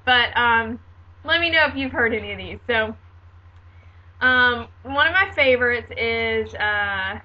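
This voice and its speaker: A woman in her late twenties chatting casually on her video diary, sarcastic and quick to laugh. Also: on the high side, highs cut off. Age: 20s. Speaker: vlogger.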